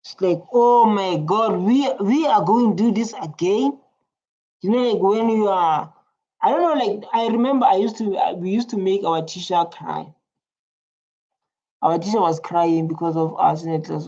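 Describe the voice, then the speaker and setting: A woman hosts reaction videos, offering rambling, chatty commentary and often repeating her words. Her voice is on the low side, gravelly and dark in tone, at a moderate pace, heard through a slightly muffled lo-fi recording.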